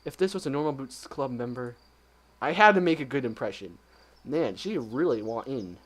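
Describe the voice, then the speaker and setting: A man hosting a let's play, reading a visual novel aloud quietly with joking asides. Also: mid-range voice, lively intonation, moderate pace, rough recording.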